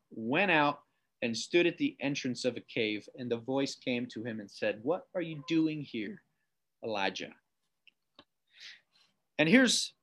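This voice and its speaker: A preacher delivering a sermon straight to viewers at home, with a fairly high voice. He reads scripture aloud and slows right down on the words he wants to land. He keeps turning questions back on the listener. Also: fairly bright tone. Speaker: pastor.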